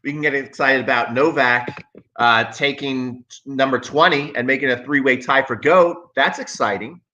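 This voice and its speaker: Guy ranting on his tennis stream, sarcastic, keeps repeating himself, kinda bright edgy voice, dull lo-fi sound. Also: mid-range voice, normal speed. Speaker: tennis coach and channel host. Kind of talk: live-streamed commentary.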